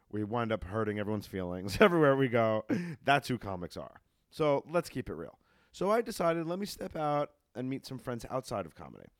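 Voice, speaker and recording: A man from New York, a comedian, telling stories in casual chat, blunt and animated, laughing as he goes. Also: mid-range voice, no echo, clean studio sound.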